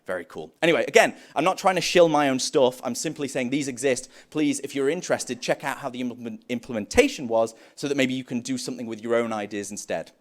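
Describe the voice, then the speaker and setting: A man's voice: mid-range voice, fast talker, hardly any pauses. A young man giving a live conference talk on developer tools, joking and acting out playful back-and-forth dialogue. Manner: animated, jokey, acts out playful dialogue. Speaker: conference speaker.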